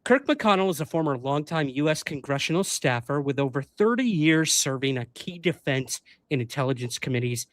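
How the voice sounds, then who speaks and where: A man's voice: on the high side, animated, a little fast, hardly any pauses, no echo. Chatty self-deprecating male live-stream host. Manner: chatty and self-deprecating, reads news aloud. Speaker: podcast co-host. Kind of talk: casual live-stream chat.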